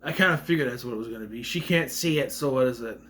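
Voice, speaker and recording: A man's voice: mid-range voice, fast, fairly bright tone. A man giving a casual, rambling movie rant, with a slight stutter, acting out quotes in raised voices. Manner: mentions a stutter. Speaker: movie reviewer.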